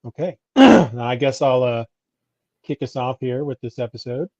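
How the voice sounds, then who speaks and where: A man's voice: mid-range voice, normal speed, darkish tone, no room sound, dull audio. A man hosting a podcast in casual chat, easygoing, with loose fillers. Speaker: podcast host.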